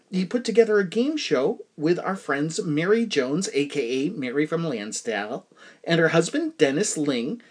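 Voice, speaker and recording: A man's voice: high-pitched, a little mellow, husky. A man hosting a podcast in casual chat, rambling and a bit hesitant but enthusiastic. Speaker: podcast host.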